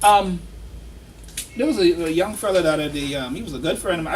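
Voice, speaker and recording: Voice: mid-range voice, brisk, long pauses. An instructor giving a casual, story-driven classroom lecture and quizzing the students. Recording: distant classroom recording with faint ambience.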